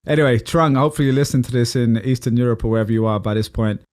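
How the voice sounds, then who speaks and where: A man's voice: mid-range voice, rapid-fire, a little mellow, no echo, clean studio sound. A man co-hosting a casual podcast chat, talkative and easy to laugh, steering the topics and asking his co-host questions. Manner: chatty, laughs easily, asks co-host questions.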